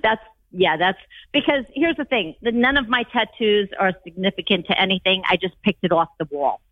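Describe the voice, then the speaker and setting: A woman's voice: medium pitch, animated, a little fast, no room sound. A woman calling in to a radio show, speaking in a brash, emphatic way. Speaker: caller. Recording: tinny phone line.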